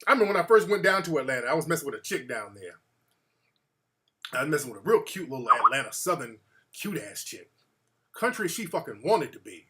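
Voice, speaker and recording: A man hosting his own show, telling a comic story with profane, animated energy and bursts of laughter. His voice sounds bright and sharp and swings widely in pitch. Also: brisk, slight background noise. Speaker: show host.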